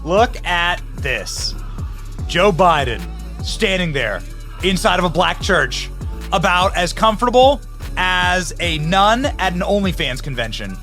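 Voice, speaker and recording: A man delivers mocking political commentary in a high voice that swoops up and down, sarcastic and quick to laugh. His voice is dry and close, with faint music under it. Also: lively intonation, bright, forceful tone.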